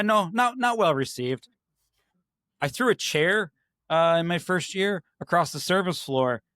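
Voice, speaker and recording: Man, podcast guest, casual storytelling, lively delivery, dry close sound. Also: a little high, no room sound. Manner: animated, acts out his own past quotes. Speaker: podcast guest, IT services manager.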